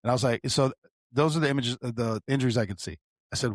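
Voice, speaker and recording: A man's voice: medium pitch, fast, no room sound, studio quality. A man co-hosting a podcast, casually telling a work story with a lot of "bro" and swearing. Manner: animated, swearing, calls the listener bro. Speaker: podcast co-host, sheriff's deputy.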